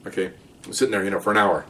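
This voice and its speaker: Middle-aged guy, low voice, talks fast, ex-cop spinning a story, acts out all the voices, sounds a bit off-mic. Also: far from the mic, slight background noise. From Latino. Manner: animated, acts out dialogue with raised pitch. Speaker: retired police detective telling stories. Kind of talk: casual storytelling.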